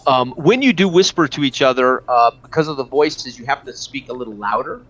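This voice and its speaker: A man narrating as game master in a tabletop game, describing scenes with frequent pauses and fillers. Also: medium pitch, expressive, fairly bright tone. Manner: hesitant, many fillers and restarts. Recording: dull lo-fi recording.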